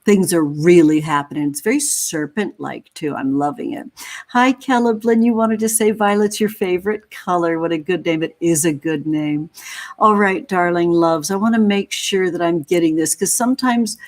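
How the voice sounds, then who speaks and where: A woman's voice: lowish voice, moderate pace, a little mellow. A woman in her thirties from California hosting a tarot livestream, greeting viewers with gushing affection and calling them honey and sweetie. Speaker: tarot reader hosting a live stream.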